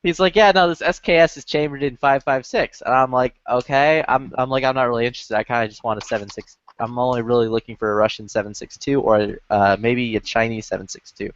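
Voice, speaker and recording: A man's voice: mid-range voice, fairly even intonation, fast, few pauses, dry recording. Casual male chatter, swears freely and fills with "like", dull lo-fi chat audio. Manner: profane, rambling, many filler "like"s. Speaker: lobby chat regular.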